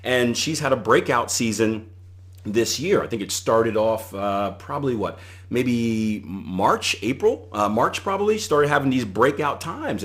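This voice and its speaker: A man's voice: medium pitch, lively intonation, unhurried, a bit bright. A middle-aged man hosting a solo podcast, giving conversational coaching advice and retelling anecdotes with animation. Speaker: podcast host and trading coach.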